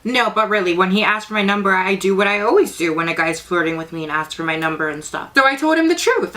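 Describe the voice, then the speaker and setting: Bright-voiced sassy young woman vlogger. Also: mid-range voice. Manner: sassy, profane, dramatic storytelling. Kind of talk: casual storytime vlog.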